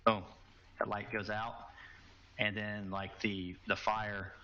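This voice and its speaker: A man's voice: on the low side, flat delivery, slow, pushed and bright. A man narrating as game master in a tabletop game, casual and loose with fillers. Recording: muffled lo-fi recording.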